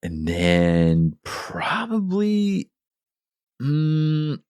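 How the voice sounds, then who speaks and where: A man as a guest on a games podcast, talking easily with pauses and fillers. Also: a little high, wildly swooping pitch, a little mellow, clean tone, no room sound, clean studio sound. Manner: easygoing, listing things with pauses and fillers. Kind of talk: casual chat.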